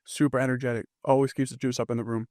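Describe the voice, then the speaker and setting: Fast-talking young man, football captain. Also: medium pitch, level tone, a little mellow, dry recording, clean studio sound. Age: young adult. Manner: fast storytelling with lots of fillers. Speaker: football team captain guest. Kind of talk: casual chat.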